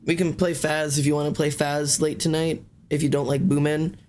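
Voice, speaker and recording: This male livestream host keeps the group chat casual, slipping into a playful teacher impression when he explains something. He speaks at a moderate pace in a fairly high, slightly mellow voice that barely moves in pitch.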